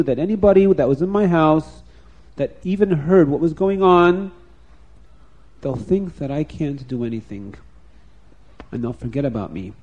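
A man voicing a wise, kind elderly rabbi who speaks quietly and patiently. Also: fairly high pitch, highs cut off. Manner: quiet, soft-spoken, patient.

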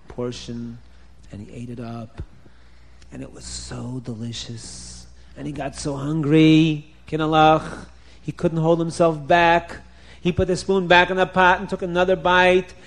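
A man telling a story to children in an animated, expressive way with dramatic swings in loudness. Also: a little high.

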